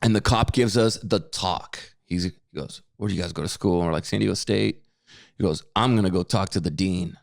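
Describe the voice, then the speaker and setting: A man co-hosting a podcast, telling a story with lively acted-out quotes. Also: low voice, a little fast, gravelly, no room sound, studio quality. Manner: animated storyteller, acts out quotes. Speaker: podcast co-host. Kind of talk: casual chat.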